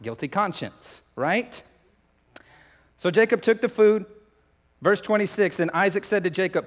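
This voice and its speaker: Pastor, male, higher voice, lively sermon delivery, long hall reverb. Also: normal speed. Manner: animated, acts out scripture scenes.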